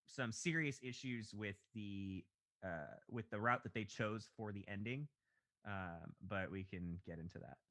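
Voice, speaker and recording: A man co-hosting a podcast, chatting casually about a TV show and getting animated as he retells scenes. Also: lowish voice, unhurried. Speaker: podcast co-host. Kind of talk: casual chat.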